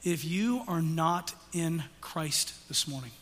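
A male pastor preaching an intense sermon, swinging from hushed whispers to loud, urgent passages. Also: fairly high pitch, animated, slow. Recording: long hall reverb.

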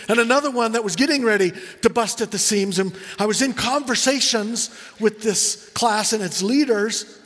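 A middle-aged man preaching a sermon, telling personal stories earnestly and slowing down for emphasis. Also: sits high, fairly bright tone, slightly rough, in a large hall. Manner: earnest storytelling, slows for emphasis. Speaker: pastor.

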